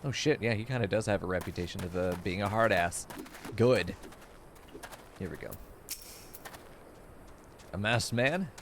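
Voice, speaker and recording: A man's voice: deep voice, moderate pace, pauses often, slight background noise. A man streaming a game, joking crudely and laughing often in casual commentary.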